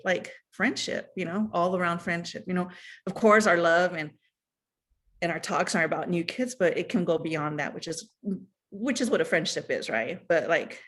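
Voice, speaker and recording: A woman telling a personal story in casual chat, animated, acting out what others said, with many fillers. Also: fairly low pitch. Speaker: guest.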